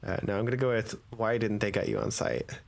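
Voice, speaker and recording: Male gamer, low voice; casual let's-play commentary, musing and hesitant. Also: big pitch swings, quick pace, creaky. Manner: musing aloud, hesitant, trailing off.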